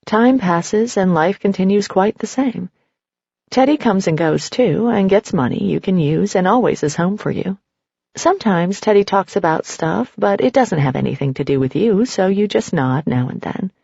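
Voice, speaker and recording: Casting: woman narrator, husky and gravelly, measured second-person telling, dull dry recording. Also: mid-range voice, animated, warm tone, dry recording. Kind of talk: scripted story narration.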